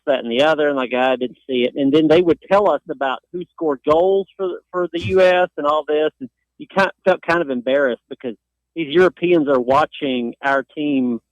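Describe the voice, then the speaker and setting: Middle-aged guy from tennessee on sports radio, spins animated stories, dry close mic. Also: mid-range voice, moderate pace, dry recording, highs cut off. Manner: animated storyteller, acts out voices. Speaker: guest sportswriter. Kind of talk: casual radio chat.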